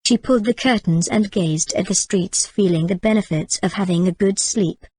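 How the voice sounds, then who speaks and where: A woman reading a novel aloud as audiobook narrator, in a steady, clear reading manner. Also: medium pitch, moderate pace, no echo. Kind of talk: scripted storybook narration.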